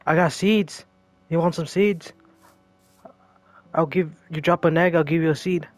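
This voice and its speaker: A man giving casual gameplay commentary, jokey and excitable, talking to himself and to the game's creatures. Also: fairly high pitch, measured pace, dry recording.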